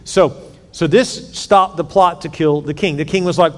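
Animated man preaching in a big hall. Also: a little high, moderate pace. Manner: animated storytelling, acting out characters' lines. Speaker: pastor. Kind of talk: sermon.

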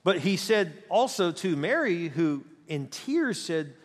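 A male preacher delivers a sermon in an animated, emphatic storytelling manner. His voice sits high for a man. A long reverb from the church sanctuary hangs after his words. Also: takes it slowly.

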